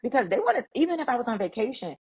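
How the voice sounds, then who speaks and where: Husky-voiced woman telling work stories. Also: a little high, rapid-fire, poor audio. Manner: animated, emphatic, acts out quoted dialogue. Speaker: guest, emotional intelligence speaker. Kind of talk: conversational storytelling.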